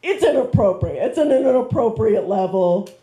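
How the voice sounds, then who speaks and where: A woman's voice: a little high, animated, normal speed, warm tone, faint music behind. A woman performing a stand-up set, rambling with fillers and self-deprecating jokes, on a handheld mic in a comedy club. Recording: roomy club sound.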